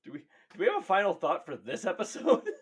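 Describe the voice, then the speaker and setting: Lively, joking podcast host. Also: male voice, high voice, fast, husky. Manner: joking, laughs a lot. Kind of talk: casual chat.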